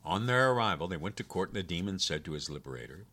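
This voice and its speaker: A man with a deep, low voice reads an old folk tale aloud. His delivery is measured and steady, in a classic storytelling manner. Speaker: narrator. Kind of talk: storybook reading.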